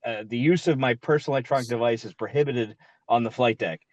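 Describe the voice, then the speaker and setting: A man on a video call from his parked car, talking casually in a meeting, halting and apologetic with many fillers. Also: mid-range voice, darkish tone, dry recording, highs cut off. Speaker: commission member.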